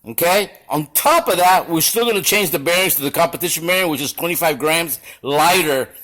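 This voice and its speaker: A man's voice: on the high side, brisk, a bit bright, poor audio. A man working as a shop machinist gives an angry, blunt and profane demonstration to camera in his machine shop.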